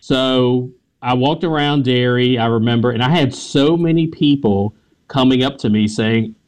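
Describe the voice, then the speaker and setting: A man with a Southern American accent tells a story as a radio interview guest. He is animated, laughs often and sometimes stumbles over repeated words, in an ordinary mid-range voice. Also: medium pitch, normal speed. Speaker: author, history teacher.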